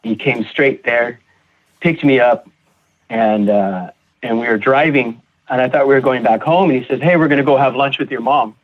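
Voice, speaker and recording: Man telling his story over a tinny line. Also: medium pitch. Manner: halting, repeats words, acts out quoted voices. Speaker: podcast guest sharing recovery story. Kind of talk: personal storytelling. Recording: tinny phone-like audio.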